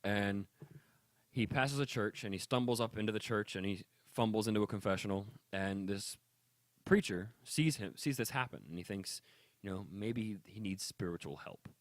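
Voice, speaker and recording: A man's voice: fairly low pitch, moderate pace, dry recording. A man co-hosting a casual podcast, telling a long rambling joke and acting out the characters' lines. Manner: rambling storyteller with restarts and quoted voices. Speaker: podcast co-host.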